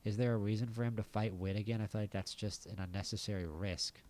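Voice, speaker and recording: An American man with a fairly low voice talks through a game in a relaxed, offhand way. He thinks aloud as he plays, dropping wry little asides. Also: fast talker. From United States. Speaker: gaming channel host. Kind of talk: casual gameplay commentary.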